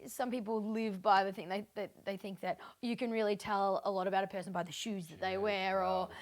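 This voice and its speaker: A woman hosting a casual live-stream chat, telling stories in an animated, laughing way. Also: medium pitch, fairly quick. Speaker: show host.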